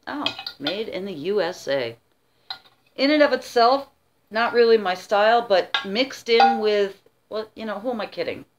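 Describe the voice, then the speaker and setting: A woman's voice: medium pitch, a little hiss or hum. A middle-aged woman vlogger chatting casually while showing her auction finds, rambling with many asides. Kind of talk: casual show-and-tell chat.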